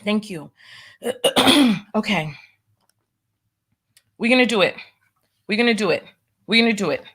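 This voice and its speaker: A woman's voice: medium pitch, expressive, a little slow, fairly bright tone, slightly rough. A woman hosting a casual livestream, nervous and stalling, repeating herself as she reads viewer comments aloud. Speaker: livestream host.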